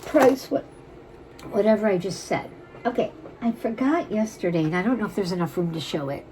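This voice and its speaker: A woman's voice: mid-range voice, brisk, dark tone, a little hiss or hum, rough recording. A woman casually chatting as she shows and prices jewelry for sale at home, rambling and full of "like". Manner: chatty, rambling, says "like" a lot. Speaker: jewelry seller. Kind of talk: casual live sales chat. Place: home room crowded with items.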